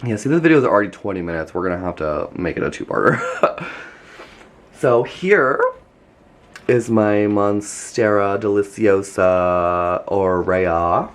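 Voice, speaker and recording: A man with a somewhat low voice talks through a casual tour of his home plant collection. He gushes, chats freely and fills his sentences with "like". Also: a little slow. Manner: gushing, chatty, frequent "like". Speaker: plant vlogger. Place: home filled with houseplants.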